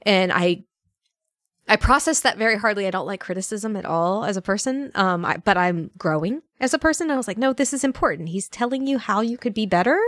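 A woman's voice: mid-range voice, animated, a little fast, a bit bright, no echo. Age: adult. Sex: woman. Style: chatty podcast storytelling, acting out quoted lines. Mic: dry close recording. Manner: chatty storyteller who acts out quoted dialogue; frequent laughs and fillers. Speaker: voice actor guest. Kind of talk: casual podcast chat.

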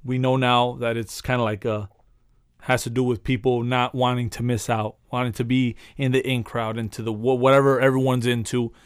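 A podcast co-host with a clear, resonant mid-range voice talks fairly quickly in a flat delivery. He rambles and swears through a casual chat, laughing a lot, recorded with no echo in clean studio sound.

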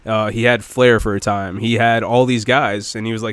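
Animated man in a dry room. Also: lowish voice, normal speed, clean tone, dry recording. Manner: animated, laughs often. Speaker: podcast co-host. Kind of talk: casual chat.

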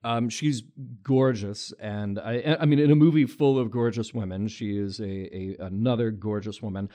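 A man's voice: fairly low pitch, fairly even intonation, moderate pace, dark tone. Playful man gushing about movies. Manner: enthusiastic, playful, stammering restarts. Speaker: podcast co-host. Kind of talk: casual film discussion.

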